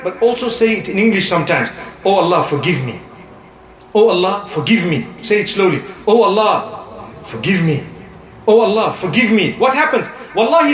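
A man preaching a sermon to a live audience, animated and humorous, telling stories and mixing in Arabic phrases. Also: high-pitched, echoey room. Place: lecture hall on tour.

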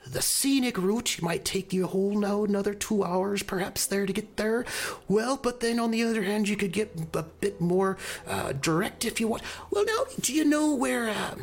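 A man's voice: sits high, lively intonation, normal speed, pitched above the performer's own voice. A man voicing a chatty woman in her eighties who rambles through folksy directions.

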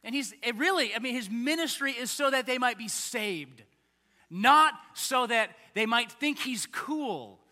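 A man preaching a conversational, animated sermon as pastor, acting out little voices along the way. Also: very high voice, unhurried. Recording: long hall reverb.

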